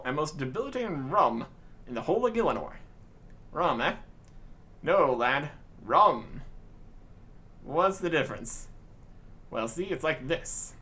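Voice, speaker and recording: A man's voice: fairly high pitch, big pitch swings, normal speed, fairly bright tone. A man voicing a rambling male pirate who brews rum in a fantasy game, spinning yarns in old-fashioned pirate talk. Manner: storytelling pirate talk, says 'tis and lad.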